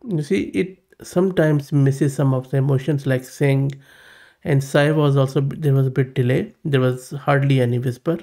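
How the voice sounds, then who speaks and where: Gravelly, mellow tech host. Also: male voice, medium pitch, fairly even intonation, normal speed. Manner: casual, thinking aloud with fillers. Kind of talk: tutorial screen demo.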